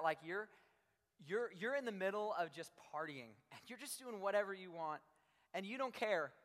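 A man's voice: high-pitched, fairly bright tone. A young adult man preaching a sermon to a youth audience in a large room, talking conversationally and animatedly with lots of "like" fillers. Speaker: youth pastor. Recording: long hall reverb.

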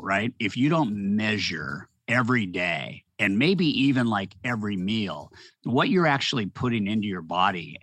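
A middle-aged man tells stories in a lively interview, acting out the people he quotes. His voice is bright and forward, a little on the low side, and it sounds dry and close to the mic. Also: no echo. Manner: animated storyteller, acts out quoted voices. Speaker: author and speaker; podcast guest. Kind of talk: storytelling conversation.

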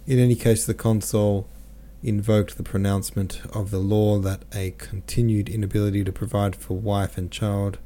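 A man reading a classic novel aloud as an audiobook narrator, in a measured, even storytelling manner. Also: lowish voice, slight background noise. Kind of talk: scripted literary narration.

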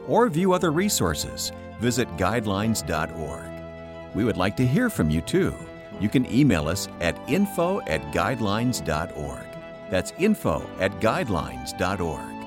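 A male radio announcer reads the show's opening and closing. His voice is low but very lively, and instrumental music plays clearly underneath. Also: moderate pace. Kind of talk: scripted program announcement.

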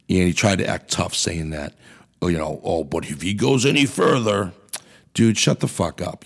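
A man's voice: low voice, creaky, slightly rough. A man hosting a podcast, delivering an angry, profane political rant in a blunt way. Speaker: podcast host. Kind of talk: ranting political commentary.

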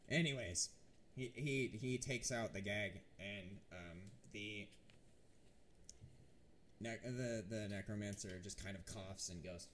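A man's voice: lowish voice, takes it slowly, fairly bright tone, a little hiss or hum. A man narrating a tabletop game as game master, talking casually with frequent restarts. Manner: hesitant, many restarts and fillers.

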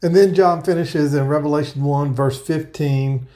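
A man preaching an earnest verse-by-verse sermon, explaining scripture and reading passages aloud slowly. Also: fairly high pitch, steady tone, mellow. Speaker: pastor. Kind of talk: Bible-teaching sermon.

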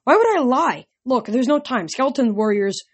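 A woman's voice: high-pitched, very animated, moderate pace, husky, pitched above the performer's own voice, full character voice. A woman voicing a defiant teenage boy who talks urgently and emphatically.

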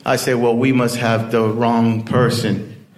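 A man's voice: medium pitch, level tone, measured pace. A man telling a personal story in a casual, rambling way, full of "you know" fillers.

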